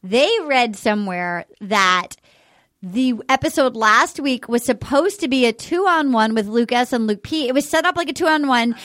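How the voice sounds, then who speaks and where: A woman hosting a podcast in casual chat, animated and acting out quotes in put-on voices. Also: a little high, moderate pace, no echo, clean studio sound. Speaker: podcast host.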